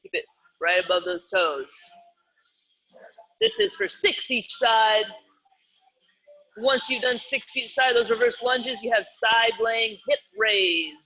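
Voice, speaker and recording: A man leads a live online workout, cueing each exercise in an upbeat, playful manner. His voice sits high and sounds bright and forceful. The streamed audio comes across a little dull. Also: sing-song, slow pace, pauses often, soft background music. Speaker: fitness coach.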